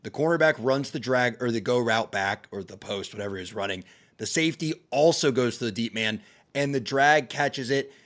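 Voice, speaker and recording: Man, sports talk host, mid-pitched, breaks down plays step by step, animated at times. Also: normal speed. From American South family. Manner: explains plays step by step, animated when excited. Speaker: podcast host. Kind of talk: casual sports analysis chat.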